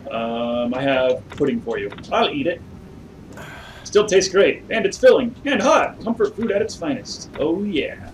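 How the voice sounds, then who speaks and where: Excitable, high-voiced man playing a game. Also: measured pace, far from the mic, a little hiss or hum, poor audio. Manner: excitable, talks to himself, hums along, yelps when scared. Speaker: gamer playing a horror game. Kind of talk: let's play commentary. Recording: voice a bit off-mic over clear game music.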